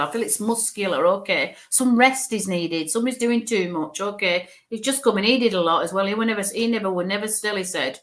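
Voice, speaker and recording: A woman giving a live mediumship reading in a mid-pitched voice. She chats and reassures as she goes. She thinks aloud, sprinkling in "okay" and "bless you" as she passes messages on. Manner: thinks aloud while relaying spirit messages. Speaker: spirit medium.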